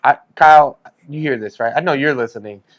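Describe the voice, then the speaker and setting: A man's voice: mid-range voice, brisk, no echo, muffled recording. A man in his forties co-hosting a podcast, chatting with laughs and profane, self-mocking banter. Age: 40s. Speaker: podcast co-host. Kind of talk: casual chat.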